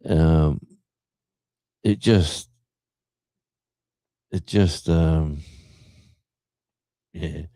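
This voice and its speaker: Australian man, very deep voice, mellow tone, dry close sound, rambling livestream chat. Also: dry recording. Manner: rambling, many fillers and restarts. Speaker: livestream host. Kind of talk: casual chat reading a live chat.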